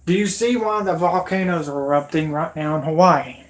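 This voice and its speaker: A livestream host rants into a computer microphone, agitated, emotional, and rambling. The voice is medium-pitched at a normal speed.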